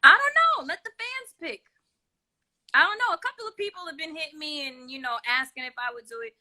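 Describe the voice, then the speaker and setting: A woman chats as a guest over a video call, relaxed and candid, laughing often between her stories. Her voice sits high and sounds very bright and sharp. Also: brisk. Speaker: guest singer. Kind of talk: casual interview chat.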